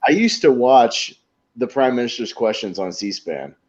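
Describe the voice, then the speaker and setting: A man's voice: medium pitch, normal speed. A young man co-hosting a podcast, chatting casually and retelling comedy sketches with laughter. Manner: animated storyteller, acts out sketch quotes with laughter. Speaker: podcast co-host. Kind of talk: casual chat. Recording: dull lo-fi audio.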